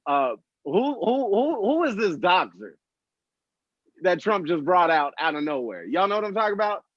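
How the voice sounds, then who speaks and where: A man's voice: sits high, sing-song, moderate pace, dry recording. An American man doing a stand-up set, with a laid-back, rambling delivery and laughs at his own jokes. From United States. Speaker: stand-up comedian. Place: small comedy stage before a live audience. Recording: dry, slightly muffled live recording.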